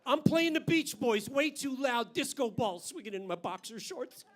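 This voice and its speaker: A man's voice: very high voice, expressive, moderate pace, fairly bright tone. An older man doing a stand-up comedy routine on a club stage with a handheld mic, brash and profane, landing punchlines hard.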